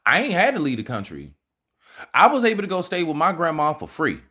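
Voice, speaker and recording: A man's voice: a little high, huge pitch swings, a little fast, sharp tone. A man hosting a reaction video, giving casual, slangy commentary and swearing freely.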